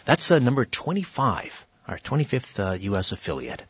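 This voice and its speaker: A man's voice: mid-range voice, wildly swooping pitch, normal speed, husky, muffled recording. A man hosting a radio talk show, telling a story in a chatty way with many fillers and restarts. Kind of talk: conversational radio monologue and interview. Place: radio studio.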